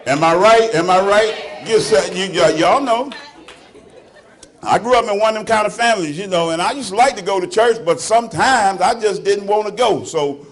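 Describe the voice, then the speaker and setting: A man's voice: sits high, normal speed. A man with a Southern US accent doing a stand-up comedy set, loosely teasing the crowd and laughing along as he talks. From Alabama. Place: club stage before a live audience.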